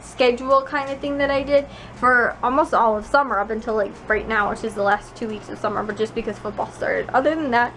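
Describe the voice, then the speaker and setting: Her voice is fairly high, slightly bright, and steady in tone, and she talks a little fast: a young adult from the Chicago suburbs vlogging casually from her bedroom at night. She rambles with many filler words, recorded noisily at home.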